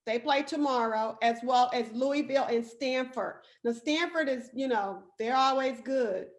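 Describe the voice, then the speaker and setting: A woman with a high voice chats excitably about the games as a co-host. She keeps the talk casual and moves along with plenty of ums and uhs. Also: measured pace. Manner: chatty and excitable, with frequent fillers. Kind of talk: casual chat about sports.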